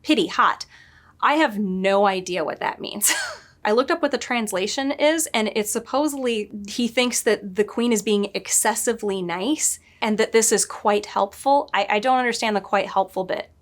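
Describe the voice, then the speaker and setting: A woman's voice: medium pitch, normal speed. Chatty middle-aged woman editor. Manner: thinking aloud, frequent self-corrections and light laughs. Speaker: story editor. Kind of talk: casual commentary to camera.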